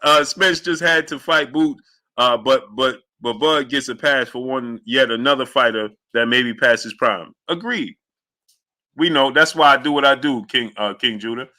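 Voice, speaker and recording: A man's voice: medium pitch, normal speed. A man hosting a live boxing talk stream, greeting chatters by name and hyping his audience. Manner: animated, hypes the audience, shouts out chat names. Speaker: boxing show host. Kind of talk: livestream commentary reading chat.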